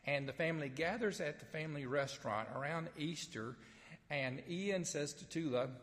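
A man with a Southern accent, a pastor from Mississippi, preaching an Easter sermon in a folksy storytelling way with gentle humor. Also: a little high, normal speed, long reverb tail. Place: sanctuary with only a few people present.

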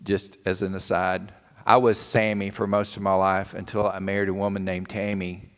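Male preacher telling a story, folksy and earnest, lowish voice, long echo. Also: little pitch movement, moderate pace. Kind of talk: sermon storytelling. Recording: long hall reverb.

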